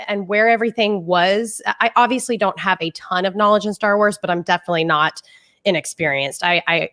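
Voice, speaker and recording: A woman's voice: mid-range voice, a bit bright. A woman co-hosting a pop-culture podcast, talking in a bubbly, enthusiastic way and laughing often. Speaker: podcast co-host. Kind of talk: casual pop-culture chat.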